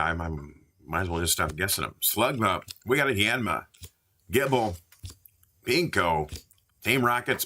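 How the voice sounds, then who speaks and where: Low-voiced guy ripping card packs on a live stream, slow but bright edgy tone, jokes around a lot. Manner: joking, chatty, calls out card names. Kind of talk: casual live-stream commentary. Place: indoors at a store.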